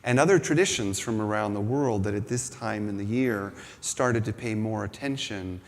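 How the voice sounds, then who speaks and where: A man's voice: lowish voice, normal speed. A man giving a reflective spiritual talk, telling a personal story with self-deprecating humor. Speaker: spiritual speaker. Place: large hall at a spiritual center. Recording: long reverb in a hall.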